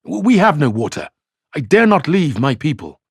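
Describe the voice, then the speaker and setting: A flustered young man hesitates and answers anxiously in a read-aloud novel, as a Scottish reader puts him on. The voice sits higher than the reader's own and sounds close and dry. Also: big pitch swings, moderate pace, breathy edge, dry recording, heavily acted. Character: flustered young man guarding his family.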